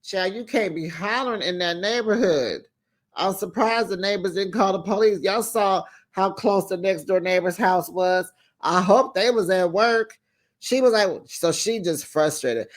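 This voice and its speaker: This is a host giving a casual spoken recap of an episode and speaking straight to the audience. The delivery is sassy and full of side remarks, and the host laughs easily along the way. The voice sits at a middle pitch. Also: a little slow. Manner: sassy, talks straight to viewers, acts out quoted lines; laughs readily between remarks. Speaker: reality TV recap channel host.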